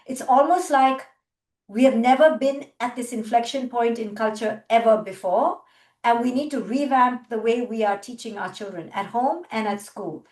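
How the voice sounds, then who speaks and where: A middle-aged woman with a high voice gives a motivational talk over a video call. She speaks with passion and emphasis, often repeating her key words. Her voice comes across distant and echoey, as if heard from across a reverberant room. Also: normal speed, darkish tone. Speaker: clinical psychologist and guest speaker.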